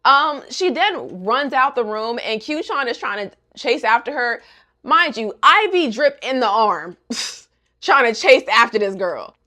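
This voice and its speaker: Sassy, animated young woman. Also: a little high, unhurried. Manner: sassy, chatty, with joking asides. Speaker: manga recap vlogger. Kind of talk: casual commentary.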